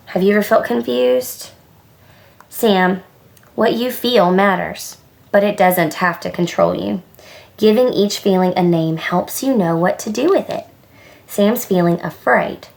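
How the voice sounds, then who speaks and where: Preschool director, woman, story time reader; slow, gravelly, gentle, asks questions. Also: mid-range voice. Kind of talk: children's story time reading.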